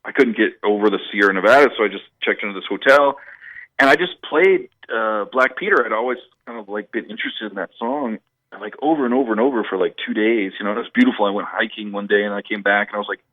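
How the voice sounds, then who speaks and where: A man's voice: on the low side, fast, dry recording, narrow, tinny audio. A man, a musician guest, telling stories in a rambling stream-of-consciousness way during a radio interview.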